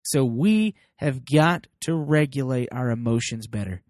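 A man hosting a casual parenting talk, folksy and animated, acting out quoted voices as he speaks. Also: medium pitch, a little slow, no room sound, studio quality. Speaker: parenting podcast host.

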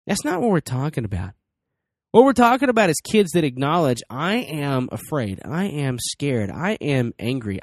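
A man's voice: a little high, dry recording, clean studio sound. A man in his thirties giving casual parenting advice, acting out little dialogues between parent and child. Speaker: parenting speaker.

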